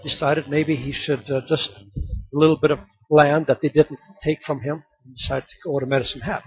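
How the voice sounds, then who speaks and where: A man preaching a sermon, telling a story and then calling loudly on the congregation to open their Bibles. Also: fairly high pitch, husky, muffled recording. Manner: storytelling, building to loud exhortation. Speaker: pastor.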